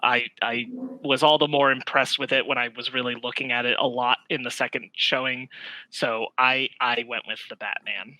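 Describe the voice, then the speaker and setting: A man's voice: mid-range voice, flat delivery, moderate pace, pushed and bright, no echo, rough recording. A man co-hosting a casual podcast, reading out award nominees and winners and giving his own picks. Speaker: podcast co-host announcing awards.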